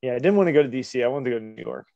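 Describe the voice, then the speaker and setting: Mellow-voiced podcast co-host man. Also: mid-range voice, lively intonation, racing, gravelly, no echo. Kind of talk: casual chat. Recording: dull, dry lo-fi audio.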